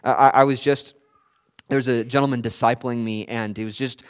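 A man preaching a sermon in an earnest, pleading way, his voice swelling loud and dropping soft, with frequent restarts. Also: mid-range voice, steady tone, normal speed, smooth.

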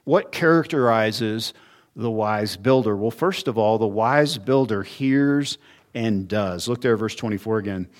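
A man's voice: lowish voice, a little slow. A man preaching an expository sermon as pastor, in an earnest teaching manner that poses rhetorical questions and shifts his emphasis often.

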